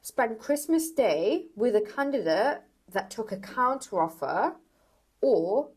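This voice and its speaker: A woman's voice: fairly high pitch, big pitch swings, a little mellow, breathy edge. A young woman co-hosting a casual chat, talking things through in a chatty, persuasive way. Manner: chatty, persuasive, quick to agree. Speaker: co-host.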